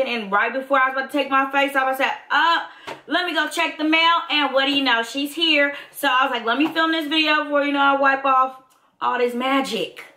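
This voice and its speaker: An excitable woman, chatting casually to viewers while unboxing beauty products. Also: medium pitch. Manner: animated, excitable, addresses viewers as y'all. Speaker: beauty vlogger. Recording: echoey room.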